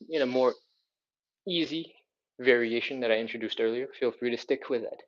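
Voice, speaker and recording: Breathless, encouraging male fitness instructor, mid-pitched, muffled lo-fi livestream audio. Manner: upbeat, encouraging, counts reps aloud. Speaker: live stretching instructor. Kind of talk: live workout instruction.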